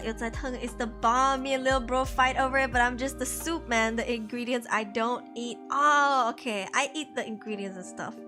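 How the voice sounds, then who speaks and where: A young woman streamer in her twenties chatting casually into a headset, slangy, laughing often. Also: high voice. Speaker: VTuber streamer. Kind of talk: casual chat.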